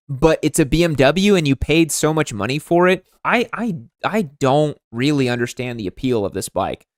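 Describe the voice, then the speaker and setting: A young man hosting a comedic livestream, roasting viewers' motorcycles in a sarcastic, mock-exasperated way, his voice jumping high when outraged. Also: fairly bright tone, smooth, no room sound, studio quality.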